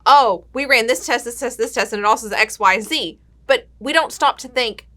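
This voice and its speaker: A woman co-hosting a podcast, arguing her points with animated persuasion. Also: on the high side, normal speed. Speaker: podcast co-host. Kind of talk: casual podcast conversation.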